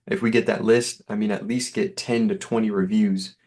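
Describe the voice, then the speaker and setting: A man's voice: lowish voice, little pitch movement, moderate pace, darkish tone. A man giving an easygoing, reassuring sales demo over a call, with lots of fillers. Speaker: software sales rep.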